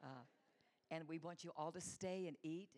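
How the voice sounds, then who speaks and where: A woman's voice: low voice, moderate pace. A middle-aged woman teaching a sermon, telling personal stories and acting out the voices in them. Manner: animated storyteller acting out voices. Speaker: women's Bible teacher.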